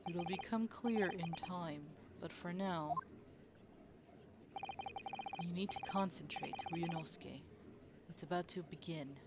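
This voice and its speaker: A woman playing a game and commenting casually, with giggly, animated reactions and game music behind. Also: fairly low pitch, slow, long pauses, very noisy. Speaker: let's play streamer.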